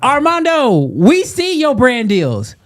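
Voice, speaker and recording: A man's voice: very high voice, slow. A man co-hosting a livestream, teasing viewers in casual banter. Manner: playful teasing, animated and loud bursts. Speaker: podcast co-host.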